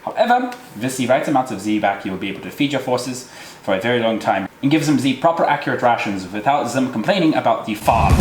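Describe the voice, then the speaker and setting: A man's voice: mid-range voice, lively intonation, fast talker, noisy background. A man hosting a comic cooking tutorial in an exaggerated put-on German accent, hamming it up and tossing in German words. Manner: hammy, drops in German words. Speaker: cooking show host. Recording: echoey kitchen with loud clattering cookware.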